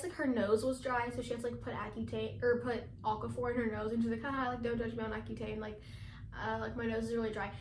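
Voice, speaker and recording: A teenage girl vlogging in a casual, chatty way, talking fast with lots of fillers and laughing often. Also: a little high, echoey room, a little hiss or hum. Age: teens. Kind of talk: casual chat.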